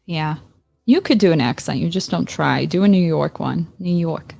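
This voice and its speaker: A woman's voice: sits low, normal speed, vocal fry, dark tone, no room sound, clean studio sound. A woman in a casual livestream chat, rambling and searching for names, laughing often. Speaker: streamer.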